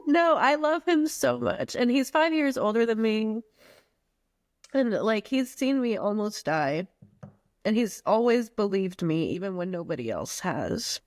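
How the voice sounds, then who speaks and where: A woman's voice: a little high, lively intonation, a little slow, no echo, clean studio sound. Heartfelt, slangy woman from the Virgin Islands. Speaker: podcast guest. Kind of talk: candid personal conversation.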